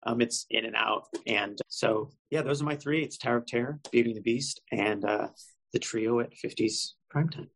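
A man in casual podcast chat, telling a self-mocking story with a gravelly voice. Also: mid-range voice, normal speed, a bit bright, rough recording.

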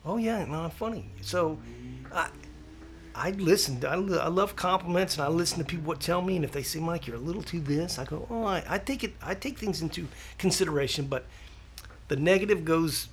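A man's voice: fairly high pitch, a little fast, slight background noise. A man, a podcast guest, chatting casually and acting out little quoted exchanges as he tells stories. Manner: animated storyteller, lots of restarts and acted-out quotes. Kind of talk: casual interview chat.

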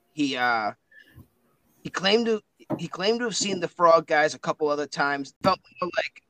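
Man doing an earnest, stumbling grieving son, voice a touch high, very dry sound. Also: fairly bright tone, no room sound, natural voice, low-quality recording. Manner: halting, earnest, rambling. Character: grieving adult son of an obsessed father.

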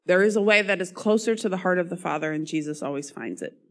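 Woman preacher, hoarse voice going, earnest sermon delivery, coughs between phrases. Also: lowish voice, quick pace. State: hoarse, losing her voice.

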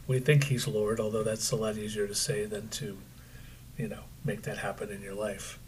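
A man's voice: fairly low pitch, little pitch movement, moderate pace, a little hiss or hum. A middle-aged man from central Pennsylvania, co-hosting a podcast in a chatty, joking, self-deprecating way. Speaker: podcast co-host. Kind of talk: casual podcast chat.

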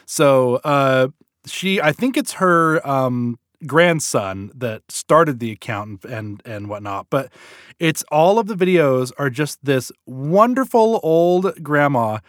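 A man co-hosting a casual podcast chat, animated and eager, slipping into playful voices when retelling videos. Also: medium pitch, takes it slowly, dry recording, studio quality. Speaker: podcast co-host.

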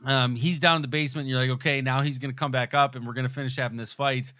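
A man talks through a movie's plot in relaxed podcast chat, recounting each scene in detail. His voice is bright and forward, and the recording is close and dry with no room sound. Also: mid-range voice, rapid-fire, no room sound. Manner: retells scenes in detail, laughs often. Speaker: podcast co-host. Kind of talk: casual movie discussion.

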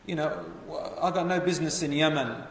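A man voicing a haughty, quick-tempered Persian emperor in an indignant, commanding tone. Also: a little high, lightly acted. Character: haughty male Persian emperor, proud and easily angered. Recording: echoey hall, voice from far off.

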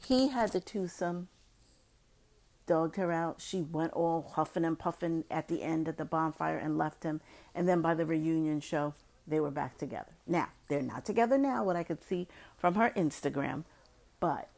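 A woman with a low, gravelly voice hosts a casual podcast. She talks in a chatty, opinionated way and drops in playful little asides. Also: normal speed, a little mellow. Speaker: podcast host.

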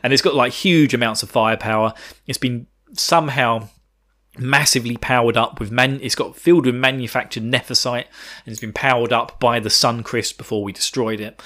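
A man with a middle-pitched voice recaps a game in loose, casual podcast chat. He is irreverent, drops swear words and keeps breaking into chuckling asides. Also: steady tone, a little fast, bright, forceful tone. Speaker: podcast host.

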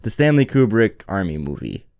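A young man co-hosting a podcast in casual chat, halting and repeating words, laughing easily. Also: lowish voice, very animated, a little mellow, dry recording, clean studio sound. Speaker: podcast co-host.

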